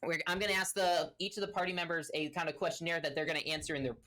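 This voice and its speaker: A woman's voice: deep voice, racing, bright, forceful tone. A woman hosting a tabletop game stream as game master, rambling with many fillers and restarts. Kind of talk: casual stream talk.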